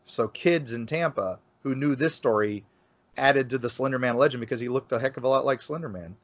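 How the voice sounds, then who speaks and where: A man's voice: mid-range voice, fairly quick, dry recording. A man talking as a podcast guest about local folklore, rambling with many fillers and restarts. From Florida. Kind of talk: casual podcast conversation. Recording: dull lo-fi, dry sound.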